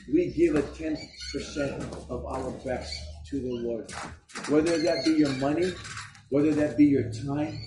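A high-pitched man preaches to his church with emphatic, conversational energy. His voice carries from a distance through an echoey hall, and faint ambient noise sits behind it. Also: dark tone. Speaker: pastor. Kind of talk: sermon.

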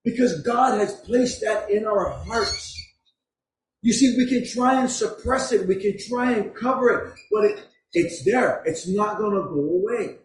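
A man preaching a sermon, telling a story in a slow, deliberate way, recorded from a distance in a room. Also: sits high, slight background noise. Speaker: pastor. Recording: echoey room from far off.

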